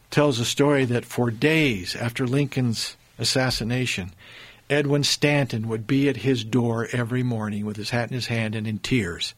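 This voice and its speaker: A man telling history stories in conversation, earnest and building emphasis, with frequent restarts. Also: mid-range voice. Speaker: guest storyteller on history.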